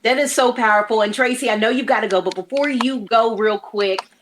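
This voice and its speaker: A woman's voice: fairly high pitch, brisk, fairly bright tone, slight background noise. A woman hosting a church program conversation, encouraging her guest and quoting scripture. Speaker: host.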